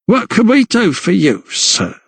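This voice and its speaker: A man's voice: high voice, wildly swooping pitch, unhurried, creaky, a bit bright, slightly rough, dry recording, voice pushed up, exaggerated voice. A coarse, cackling tavern bawd who has seen every sort of man walk through her door, put on by a male narrator. She talks with a knowing, mocking edge, in a dry close recording for an audiobook. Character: fat scarred old tavern bawd woman, cackling.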